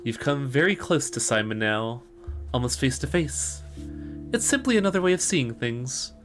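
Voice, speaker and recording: A man reading the lines of a gentle, enigmatic young woman with a soft, coaxing delivery. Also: mid-range voice, lively intonation, normal speed, soft background music, lightly acted.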